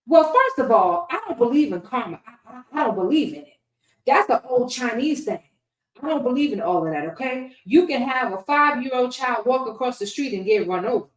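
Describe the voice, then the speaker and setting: A woman's voice: fairly high pitch, animated, brisk. A woman answering interview questions in a casual, preachy and defiant way. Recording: echoey room, far from mic.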